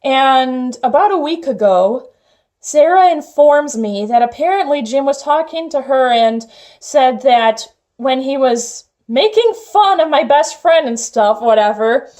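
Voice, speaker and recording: Young woman vlogger, high bright voice, chatty storyteller, leans on "like" a lot. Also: expressive, a little slow. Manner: chatty, heavy use of "like" fillers. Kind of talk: casual storytelling vlog.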